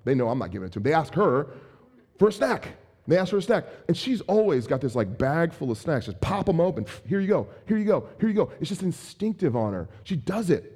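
A man in his thirties preaching a sermon as pastor, conversational and animated, with playful asides. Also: fairly high pitch, fairly quick, husky.

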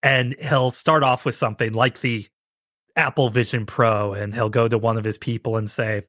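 A man's voice: mid-range voice, steady tone, moderate pace, fairly bright tone, no room sound, studio quality. A man hosting a podcast, giving sarcastic commentary and mocking impressions in a casual, ranting way. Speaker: podcast host.

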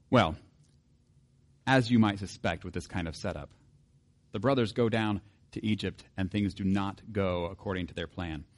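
A pastor preaching a sermon in a conversational way, often putting rhetorical questions to the congregation and reading scripture aloud. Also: male voice, lowish voice.

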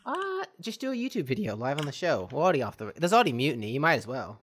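A man's voice: on the high side, huge pitch swings, fast, fairly bright tone, slight background noise. A man guesting on a casual podcast, playful and teasing, joking with the hosts. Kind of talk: casual chat.

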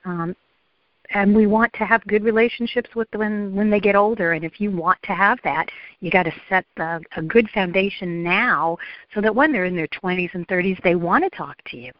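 A woman's voice: medium pitch, moderate pace, no echo, lo-fi sound. A middle-aged woman therapist talking earnestly in a podcast interview, with frequent ums and acted-out quotes. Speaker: therapist and guest.

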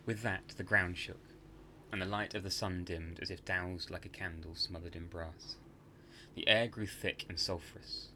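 A man narrating a scripted horror story for a podcast in a measured, hushed dramatic manner. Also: low-pitched, fairly even intonation, slight background noise.

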